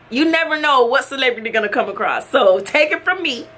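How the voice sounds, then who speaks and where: Young woman telling a storytime vlog, bright high voice, acts out the convo, laughs a lot. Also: a little fast, hardly any pauses, a little hiss or hum. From Florida. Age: young adult. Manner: animated storytelling, acts out both sides of conversations, laughs often. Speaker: YouTuber and makeup artist.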